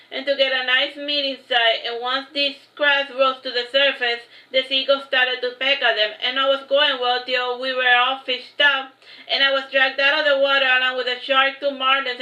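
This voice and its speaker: A woman reads her own story aloud in the first person, taking each phrase slowly and deliberately. Her voice sits high and sounds bright, with an even, narrow pitch. The recording is roomy and a little muffled. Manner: slow, measured read-aloud delivery. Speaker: author reading her book. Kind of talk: first-person book reading. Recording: echoey room, slightly dull sound.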